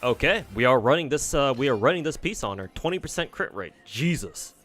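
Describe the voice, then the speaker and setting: Animated and a little fast, his medium-pitched voice carries a fairly bright tone. The man streams a game and mutters casual commentary to himself, swearing freely, with faint game music in the background.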